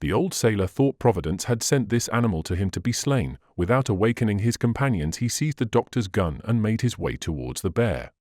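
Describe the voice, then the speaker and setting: A man narrating a classic adventure novel as an audiobook reader, in an expressive, measured way. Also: fairly low pitch, dry recording, clean studio sound. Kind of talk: scripted narration.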